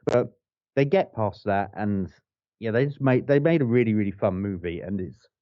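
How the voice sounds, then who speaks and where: A man's voice: fairly low pitch, lively intonation, normal speed, no room sound. Man, podcast co-host, enthusiastic, sweary, rambling, dull dry mic. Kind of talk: casual film review chat.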